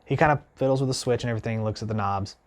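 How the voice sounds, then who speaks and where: A man's voice: mid-range voice, racing. Rambling guy telling a gear story. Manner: rambling, heavy use of "like" and "you know"; animated, indignant retelling with many restarts. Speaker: guitar vlogger. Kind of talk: casual storytelling to camera.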